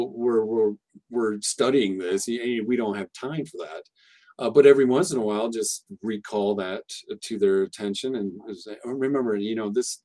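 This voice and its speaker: An English teacher guest on a podcast talks casually about teaching pronunciation in a voice that sits low and a little mellow. He rambles, restarts often, uses plenty of fillers, and keeps explaining as he goes.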